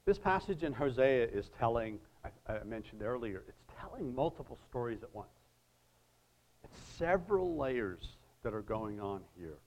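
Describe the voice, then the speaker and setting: A middle-aged man preaching a sermon, reading scripture aloud with pauses and talking to listeners in conversational asides. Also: mid-range voice, big pitch swings, darkish tone, lo-fi sound.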